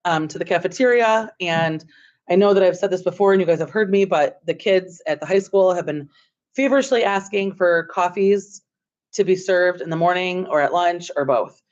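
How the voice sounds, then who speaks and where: A woman school administrator telling the school board a story in a chatty, excitable way, filling her talk with "like". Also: on the low side, normal speed. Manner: chatty and excitable, heavy use of "like". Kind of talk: storytelling report at a board meeting. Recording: dull, muffled meeting audio.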